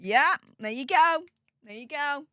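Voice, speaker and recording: A woman's voice: high voice, animated, measured pace, bright, forceful tone, dry recording. A woman hosting a casual live stream, chatting and reading out viewer comments, laughing often and repeating herself. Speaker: livestream host.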